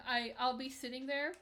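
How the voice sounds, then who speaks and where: A woman's voice: sits high, fairly bright tone. A young woman streaming and chatting candidly with her live chat, rambling with restarts and light laughs. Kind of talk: casual chat reading live chat while gaming.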